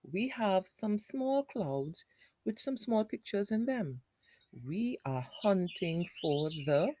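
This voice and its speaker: Slow, patient woman teaching phonics. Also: low-pitched, darkish tone, husky, dry recording. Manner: patient, repeats sounds and words, asks the child questions. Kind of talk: slow phonics lesson for young children.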